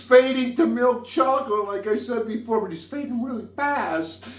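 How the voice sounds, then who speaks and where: A man's voice: sits high, expressive, unhurried, hardly any pauses, distant mic. Tipsy man rambling in an echoey kitchen. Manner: rambling, giggly, swears freely. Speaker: home cook, vlog host. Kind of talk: casual tipsy cooking vlog. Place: home kitchen.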